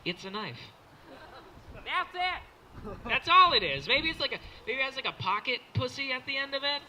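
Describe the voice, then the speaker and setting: A young man in his late teens doing a stand-up comedy set, animated and jumping into silly character voices. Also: very high-pitched, fast, a little hiss or hum, poor audio. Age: young adult. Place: small comedy show with live audience.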